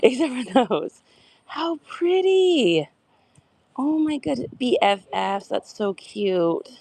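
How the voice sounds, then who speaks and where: A woman's voice: on the high side, sing-song, takes it slowly, creaky, warm tone. A woman hosting a casual live stream from outdoor garage sales, chatty and often dropping into a whisper. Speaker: livestream host.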